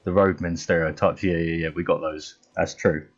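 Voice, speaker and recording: A man's voice: deep voice, steady tone, normal speed, husky, highs cut off. An English man streaming a video game, chatting casually with viewers in a rambling way with mild swearing. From England. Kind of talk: casual chat while gaming.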